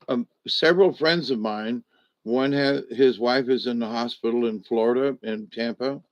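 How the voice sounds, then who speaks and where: In a home video update, a man on the mend lies in a resting position, a bit hyped up on steroids, chatting upbeat and scattered with frequent restarts. He has a mid-range voice, with dull, lo-fi, dry audio and no room sound.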